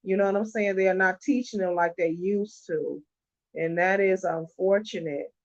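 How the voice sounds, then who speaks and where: A woman's voice: medium pitch, moderate pace, highs cut off. A middle-aged woman and teacher talking casually to camera from her bed, emphatic and conversational. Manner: emphatic, conversational, keeps asking "you know what I'm saying". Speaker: early-childhood teacher. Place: resting in her bed at home.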